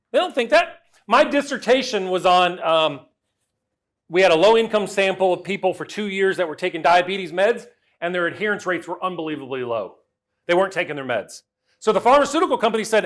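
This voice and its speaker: Animated man telling stories on stage. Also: high-pitched. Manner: animated, swings between loud and quiet, acts out quoted voices. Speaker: speaker. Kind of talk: storytelling keynote talk.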